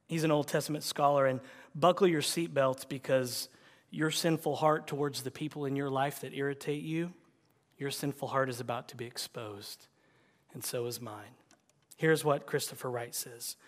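A man delivering a sermon in a fairly high voice. He swings from loud, punchy emphasis to hushed near-whispers. He acts out the quoted lines in voices. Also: in a large hall. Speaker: preacher.

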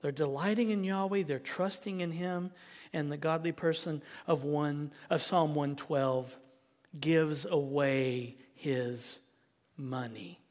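A man's voice: on the high side, slow, big-room sound. A man with a Southern US accent preaching a sermon as pastor, emphatic and repeating key phrases for stress. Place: church.

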